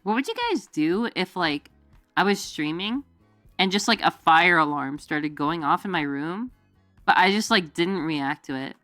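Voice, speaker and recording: A young-sounding woman streamer rambles through a casual chat with her viewers, full of fillers and giggles. She keeps breaking into silly voices to act out her stories, and her voice sits close and dry with soft music behind it. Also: on the low side, unhurried, dry recording. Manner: rambling, filler-heavy, giggly, jumps into goofy quoted voices. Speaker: VTuber streamer. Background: faint background music.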